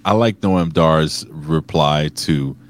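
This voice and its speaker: A man co-hosting a wrestling review podcast in casual banter, blunt, profane and excitable. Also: a bass voice, slow. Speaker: podcast co-host.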